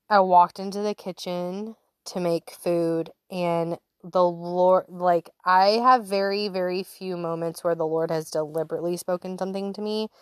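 A woman in her thirties sharing a personal faith story in a chatty, candid way, laughing easily and dropping to soft whispers. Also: fairly low pitch, no echo, studio quality. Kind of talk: casual personal testimony to an audience.

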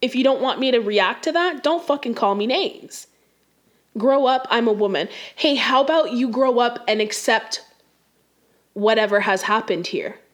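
A young woman with a slightly high voice rants casually at a normal speed, clearly exasperated. She uses slang and talks straight to the viewer, as if telling a storytime.

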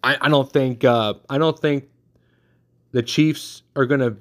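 Guy rambling thru his football picks, mid pitch, talks to himself a lot, keeps correcting himself. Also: fairly even intonation, unhurried. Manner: rambling, self-correcting, thinks aloud. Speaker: sports podcast host. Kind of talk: casual sports picks talk.

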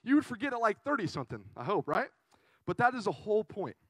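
A young man preaching to a youth group, telling a funny story in an animated, chatty way with lots of "right?". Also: sits high, quick pace, slightly rough, no echo, poor audio. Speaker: youth pastor. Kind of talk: casual storytelling sermon.

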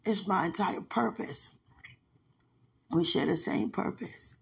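A woman, a mother, softly and emotionally talking aloud to a loved one in a personal podcast monologue, close to tears. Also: medium pitch, slow, creaky, slightly rough. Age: adult with a son. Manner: soft, intimate, thinking aloud. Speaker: podcast host.

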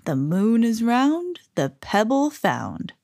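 A woman voicing a slow, mysterious magic lizard in a read-aloud storybook. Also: on the high side, huge pitch swings, creaky, a little mellow, no echo, clean studio sound, exaggerated voice. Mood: solemn.

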